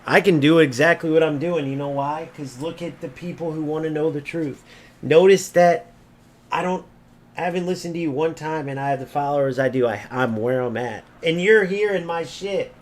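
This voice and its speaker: Brash trash-talking man, higher voice. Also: steady tone, fairly quick, darkish tone. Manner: brash, mocking, insults opponents and swears often. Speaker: video game streamer. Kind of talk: gameplay commentary rant.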